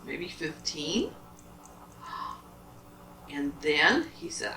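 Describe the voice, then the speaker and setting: A woman telling a children's story aloud to a child at home, animated and asking questions along the way. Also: deep voice, a little slow, creaky, long pauses, a little hiss or hum. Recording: roomy, from a distance.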